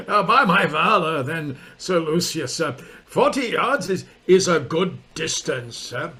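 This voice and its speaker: A cowardly young country squire, played by a man, stammering and hedging nervously. His voice is high and bright with a husky grain, and his words come slowly. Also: very animated, full character voice. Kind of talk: stage comedy acting.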